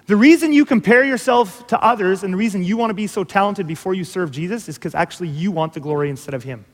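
A man preaching a sermon as pastor, earnest and emphatic, with dramatic pauses and rhetorical questions. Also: sits high, in a large hall.

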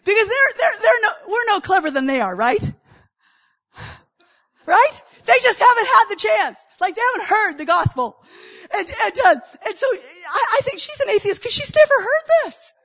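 Middle-aged woman preacher, high voice, animated storyteller who acts out dialogue. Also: moderate pace. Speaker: guest speaker, preacher. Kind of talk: sermon with personal stories.

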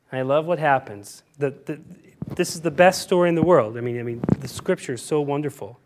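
A male pastor preaching a sermon, animated and emphatic, often repeating himself as he explains scripture. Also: fairly high pitch, brisk, noisy background.

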